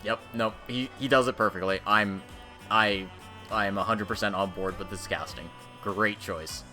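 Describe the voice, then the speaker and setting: A man's voice: lowish voice, steady tone, moderate pace, sharp tone, faint music behind. A male streamer commenting casually on a game, joking in an irreverent way and swearing freely. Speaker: let's play streamer.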